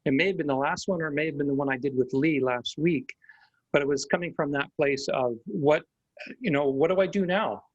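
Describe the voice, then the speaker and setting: A man hosting a group video call, reflective and relaxed, with many fillers. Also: a little high, fairly quick, no room sound, highs cut off. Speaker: host.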